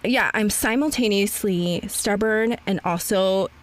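A woman hosting a podcast in casual conversation, frank and animated, laughing often and swearing lightly. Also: mid-range voice, unhurried. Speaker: podcast host.

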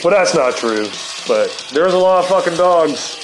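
A man's voice: on the high side, lively intonation, normal speed, background noise. A man in his fifties telling a rambling personal story, laid-back and swearing constantly, tossing in "man" and "dude". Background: guitar music playing.

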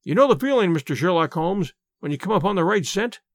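Audiobook, man doing a cocky detective, eager, lively pitch, dry close mic. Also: fast, no room sound. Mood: boastful. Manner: eager, boastful storytelling. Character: brash, self-pleased police detective, a man.

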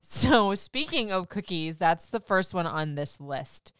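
A woman's voice: on the low side, animated, slow, a bit bright, clear, resonant tone, no echo, clean studio sound. A woman hosting a podcast, gushing about food in a chatty, casual way with lots of filler words. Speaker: podcast host. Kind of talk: casual chat.

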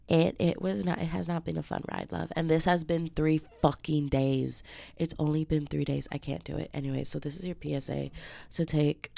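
A woman's voice: deep voice, steady tone, normal speed, vocal fry, mellow, dry recording. A woman hosting her own podcast while sick with the flu, chatting casually in a slangy, profane way and calling her listeners babes. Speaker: podcast host. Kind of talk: casual solo podcast chat.

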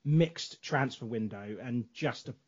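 A man's voice: mid-range voice, unhurried, breathy edge, dull audio. A man co-hosting a casual podcast chat, leading the talk and steering the questions. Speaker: podcast co-host.

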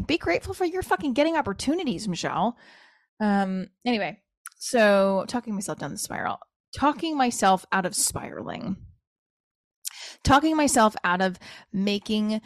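A woman's voice: medium pitch, no room sound. A woman, hosting a podcast in a rambling, profane, self-deprecating monologue. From New Jersey. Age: 40s. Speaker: podcast host and comedian. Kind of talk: casual solo podcast monologue.

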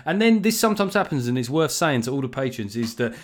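A man's voice: medium pitch, big pitch swings, fast. A man with a South London accent hosting a podcast in a casual, rambling way, joking sardonically and swearing freely. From England. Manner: rambling with restarts and chuckles. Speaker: podcast host.

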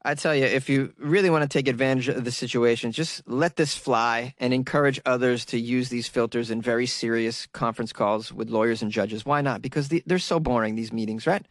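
A man's voice: medium pitch, steady tone, a little fast, few pauses, no echo, studio quality. A man hosting a podcast, riffing sarcastically on odd news stories and laughing at his own jokes. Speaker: podcast host. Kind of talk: comedic news commentary podcast.

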